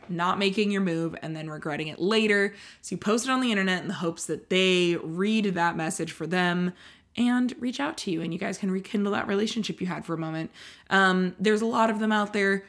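Young female co-host, chatty, giggly, expressive pitch. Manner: chatty, giggly, explains with many fillers. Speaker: podcast co-host. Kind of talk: casual comedic chat.

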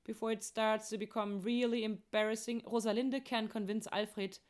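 A woman's voice: a little high, steady tone, normal speed, a little mellow. A woman narrating an operetta's plot in a chatty, playful way, with joking asides. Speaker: opera plot explainer.

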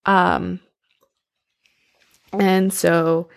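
A young woman with a gravelly, somewhat low voice tells a story in an easy, chatty way. She leans on "like" and "um" as she goes, unhurried and informal. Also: little pitch movement. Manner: loose, filler-heavy retelling with lots of "like". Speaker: storyteller retelling an opera plot. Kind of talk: casual chat.

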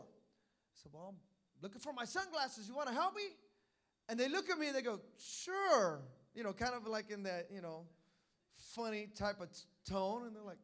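A young man preaching a sermon in a church as pastor, telling stories and calling for amens, building to loud climaxes. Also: very high-pitched, lively intonation, normal speed.

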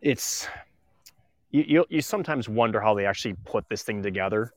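Male sports co-host, low and dry, wry humor, filler-heavy delivery. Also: animated, brisk, dry recording. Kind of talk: casual sports talk.

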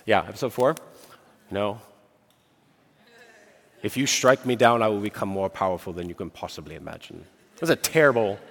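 A man preaching a sermon earnestly, building emphasis and slowing on key phrases. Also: medium pitch, big-room sound. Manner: earnest preaching with rising emphasis and slow pauses. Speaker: pastor.

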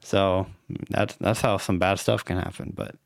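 A young man chatting casually on a podcast, easygoing and a little hesitant. His voice is fairly low and sounds dry and close, with no room echo. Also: fairly even intonation, measured pace, creaky. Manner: easygoing, hesitant, with many fillers. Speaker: podcast co-host. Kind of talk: casual chat.

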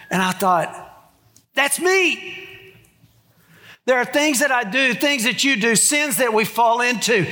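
A middle-aged man's voice sits high with a fairly bright tone as he preaches as pastor in a church sanctuary. His sermon is conversational, sprinkled with jokes aimed at the congregation.

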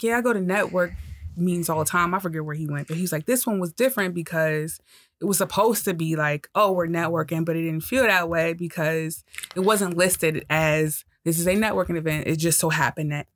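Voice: medium pitch, fairly quick, no room sound, studio quality. A podcast co-host in casual chat, talking in long rambling turns and laughing easily.

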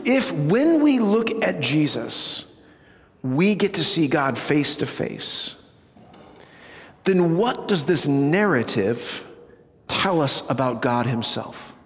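A man preaching a sermon to a congregation, animated, with loud bursts and hushed low passages. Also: takes it slowly, pauses often, big-room sound. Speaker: pastor. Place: church sanctuary.

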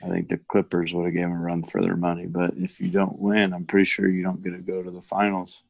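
A man's voice: sits low, monotone, fast, creaky, dry recording. A middle-aged man, co-hosting a casual sports podcast, with dry joking asides. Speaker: podcast co-host.

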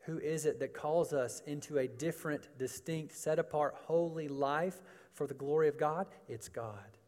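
A man's voice: fairly high pitch, moderate pace, darkish tone. A man preaching a sermon, emphatic, with rhetorical questions and repeated phrases, in a large church hall. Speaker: pastor. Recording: long hall reverb.

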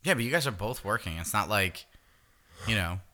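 A man's voice: lowish voice, animated, brisk, pushed and bright. A young man co-hosting a podcast who needles and teases his friend with sarcastic jabs. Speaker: podcast co-host. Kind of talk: crude casual podcast banter.

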